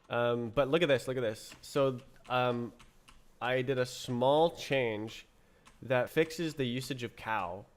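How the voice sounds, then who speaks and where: A man streaming himself writing code, muttering to himself, puzzled and halting, with keyboard typing behind him. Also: mid-range voice, clean tone. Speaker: streamer coding live. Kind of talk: casual livestream coding chat.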